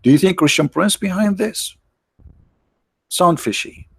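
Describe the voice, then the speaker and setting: A man hosts a live stream in a mocking, sarcastic manner and keeps firing off rhetorical questions. His voice sits a little high and sounds tired, and he clears his throat now and then. The recording is dry and close, with no room sound. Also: unhurried, no echo. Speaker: online show host.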